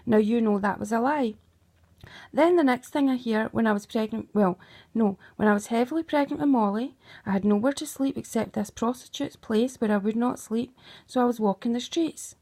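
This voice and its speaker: A middle-aged woman with a fairly high voice goes over old grievances with her daughter. She talks in an emphatic, accusing way and keeps pressing with "right?". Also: normal speed, dark tone. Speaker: mother. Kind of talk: emotional recounting monologue.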